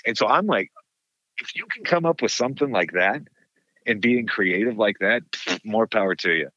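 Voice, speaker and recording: Animated man with a low voice. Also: moderate pace, no echo. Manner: animated storyteller, laughs often. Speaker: caretaker of a haunted site. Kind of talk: casual interview chat. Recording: dull lo-fi dry sound.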